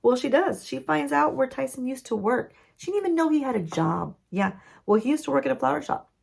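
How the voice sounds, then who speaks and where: A woman's voice: sits high, expressive, fairly quick, vocal fry, darkish tone, breathy edge. A woman, a beauty vlogger, recapping a TV show story-time style while doing her makeup, chatty and playful with asides to the viewers.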